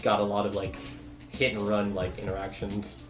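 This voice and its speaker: A man's voice: on the low side, monotone, normal speed. A young man streaming a video game, rambling through stories in casual chat and swearing now and then. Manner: rambling storyteller, swears, laughs often. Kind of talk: casual chat while gaming. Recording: echoey room with game music.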